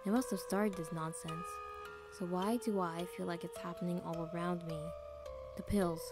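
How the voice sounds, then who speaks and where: A woman's voice: on the low side, steady tone, moderate pace, close to an everyday voice. A woman voicing a frightened, paranoid male asylum patient who stammers and pleads. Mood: anxious. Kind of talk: voiced game reading. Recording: music playing underneath.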